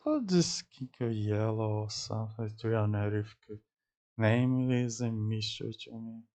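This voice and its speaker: A man speaking English as a second language, halting and searching for words, repeating words to practice saying them as he reacts to an anime. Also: lowish voice, a little mellow. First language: not English. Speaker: anime reaction channel host. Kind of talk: casual theory-crafting reaction.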